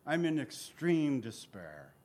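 A man's voice: a little high, big pitch swings, slow, a little mellow. A man teaching through a book of the Bible, reading scripture aloud, acting out its pleas and turning to his listeners with conversational asides. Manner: earnest, reads scripture aloud and acts out the pleas.

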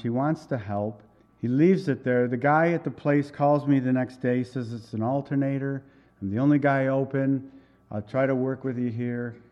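A man's voice: medium pitch, dark tone. A man preaching a sermon as a pastor, telling a personal story in a conversational way and acting out the dialogue. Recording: dull lo-fi recording.

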